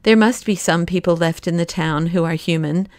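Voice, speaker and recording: A blunt, excitable man who blurts out alarms in a raised, higher voice, as a woman narrator puts him on. The recording is dry and close. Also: normal speed, no room sound, close to an everyday voice. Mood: excited. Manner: excited, exclamatory. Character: excitable, blunt male companion.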